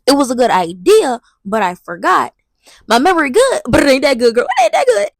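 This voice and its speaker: High-voiced animated young woman storyteller. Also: fairly quick, vocal fry, dry recording. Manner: animated, dramatic, slangy storytelling. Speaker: vlogger. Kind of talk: casual storytime monologue.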